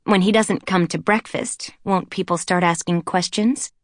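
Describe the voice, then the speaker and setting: A woman's voice: lowish voice, steady tone, a little slow, no room sound, studio quality, natural voice. A woman narrator voicing a genteel young redheaded woman with a theatrical, exclaiming manner. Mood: worried.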